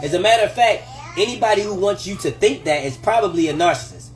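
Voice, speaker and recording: Faint background music plays softly while a high-voiced man gives relationship advice at a quick pace on a casual livestream from his home kitchen. He's animated and profane, laughs frequently, and imitates the voices he quotes.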